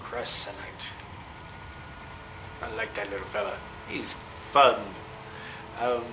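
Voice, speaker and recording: A man giving chatty, excitable let's-play commentary, cooing at the creatures he meets. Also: lowish voice, slow, background noise. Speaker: gamer.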